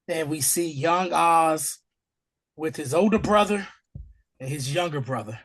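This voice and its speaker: Husky, hoarse man recapping a TV episode. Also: on the high side, slow pace. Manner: animated, acts out scenes in character voices. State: hoarse from allergies. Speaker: podcast host. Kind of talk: casual TV episode recap chat.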